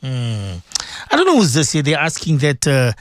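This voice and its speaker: A man's voice: medium pitch, wildly swooping pitch, moderate pace, no echo, clean studio sound. A man hosting a radio call-in, reading listener questions aloud and murmuring agreement.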